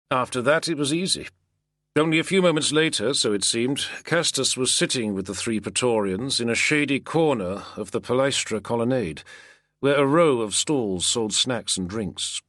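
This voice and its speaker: A man reading a novel aloud as an audiobook narrator, in a measured, expressive way. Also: mid-range voice, no echo, studio quality. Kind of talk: scripted narration.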